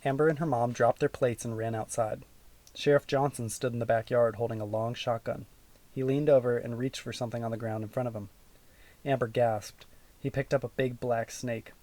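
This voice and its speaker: A man reading a children's audiobook aloud in a steady, even storytelling manner. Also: medium pitch, normal speed. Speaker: audiobook narrator. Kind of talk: scripted narration.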